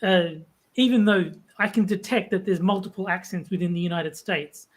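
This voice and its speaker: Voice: medium pitch, moderate pace. A speaker in a casual chat, plain-spoken with hesitant fillers.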